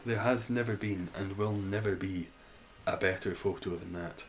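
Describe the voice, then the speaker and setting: A man's voice: low voice, fairly even intonation, normal speed, slight background noise, rough recording. A man streaming a game, chatting casually and answering his chat, laughing often.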